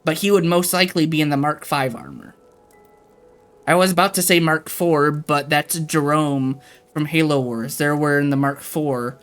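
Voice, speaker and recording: A man's voice: on the high side, fairly even intonation, normal speed, fairly bright tone, clear, resonant tone, soft background music. A man livestreaming, ranting casually and profanely to his chat.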